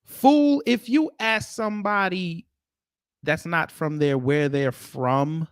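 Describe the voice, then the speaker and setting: A man's voice: on the high side, slow, smooth, no room sound, clean studio sound. A man hosting a livestream, ranting at and mocking the clips he reacts to. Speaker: livestream host.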